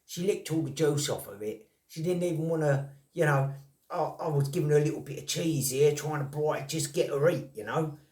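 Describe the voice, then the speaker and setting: A man's voice: fairly high pitch, moderate pace, a little mellow. A blunt, rambling man chatting casually to camera as a vlogger, swearing and laughing in disbelief. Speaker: vlogger on snaring and trapping. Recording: roomy, from a distance.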